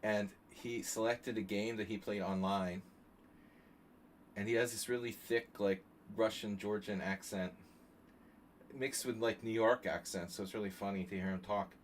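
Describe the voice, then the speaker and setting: A man streaming chess, chatting casually and thinking out loud with joking asides to his viewers. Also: fairly low pitch, fairly even intonation, normal speed, a little hiss or hum. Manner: chatty, thinking aloud, jokey asides to chat. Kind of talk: casual live-stream commentary.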